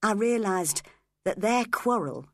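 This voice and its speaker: Slow, expressive woman narrating a story. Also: medium pitch, dry recording, studio quality. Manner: expressive, first-person storytelling. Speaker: audiobook narrator. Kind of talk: scripted narration of a novel.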